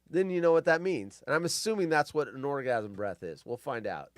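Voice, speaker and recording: A man's voice: medium pitch, animated, brisk, no room sound, studio quality. A man in his fifties, a podcast host telling stories in a casual, profane rant and mocking people with put-on voices. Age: 50s.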